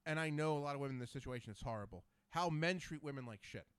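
A man hosting a podcast, telling stories in casual chat with an animated manner. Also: on the high side, rapid-fire, clean tone, no room sound. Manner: animated storyteller. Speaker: podcast host.

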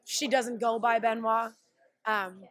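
A woman who wrestles professionally, telling stories in a brash, animated way during a casual interview. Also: on the high side, slow pace. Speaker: pro wrestler.

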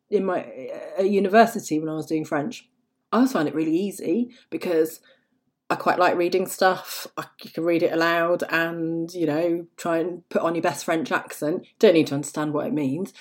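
A woman's voice: lowish voice, darkish tone. A woman in her thirties hosting a podcast on her own, talking casually in a chatty, rambling way with many asides. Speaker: podcast host. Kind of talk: casual solo podcast talk.

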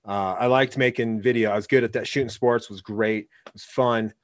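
Male podcast host, relaxed and reflective, dry sound. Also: lowish voice, normal speed, no room sound. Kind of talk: casual interview talk.

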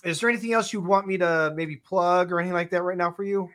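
A man hosts a casual interview with a bright, sharp voice set a little high. He chats easily and agrees along with his guest. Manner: chatty, quick to agree and laugh along. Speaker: podcast host.

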